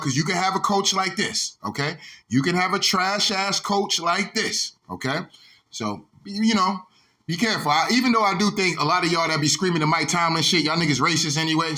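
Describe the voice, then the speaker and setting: A high-pitched man rants about his sport like a fired-up host. His voice is bright and forceful, and he talks heated and profane, circling back to the same points over and over. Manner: heated, repetitive, profane, keeps saying "dog". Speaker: sports vlogger. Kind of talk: ranting sports commentary.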